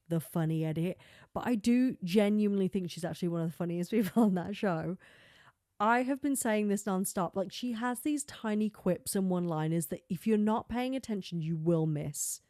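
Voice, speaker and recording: A woman hosting a solo podcast, chatting in a rambling way, full of filler words and quick laughs. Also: lowish voice, mellow, dry recording, clean studio sound. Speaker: podcast host. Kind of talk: casual solo podcast chat.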